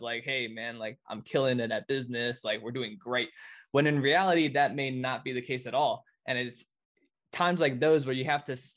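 A man hosting a podcast, relaxed and conversational, full of "dude" and "like". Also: medium pitch. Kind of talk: casual chat.

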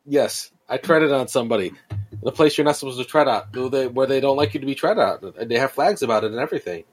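A man in his thirties who co-hosts a podcast casually tells a long story in a mid-range, animated voice at a quick pace. He rambles and swears freely, restarting often and using lots of fillers.

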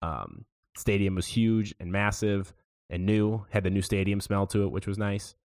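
A young man co-hosting a podcast, telling a rambling weekend story in a relaxed, casual way. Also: on the low side, moderate pace. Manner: laid-back rambling storyteller. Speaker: podcast co-host. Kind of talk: casual chat.

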